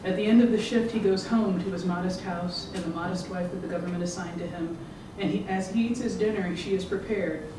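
An author giving a measured, rhythmic public reading of their own fiction. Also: medium pitch, steady tone. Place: event room. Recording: echoey room, distant mic, background noise.

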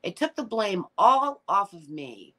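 Unhurried and very animated, this mid-range, slightly bright female voice belongs to a middle-aged woman hosting a casual livestream. She reads viewer comments and answers with bluntness, emotion and plenty of profanity, tearful at times.

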